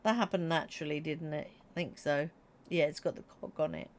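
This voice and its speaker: A woman's voice: sits low, steady tone, brisk. Chatty woman streaming a game. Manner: chatty, giggly, reads chat aloud. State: slightly froggy throat. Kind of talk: casual live-stream chat while playing.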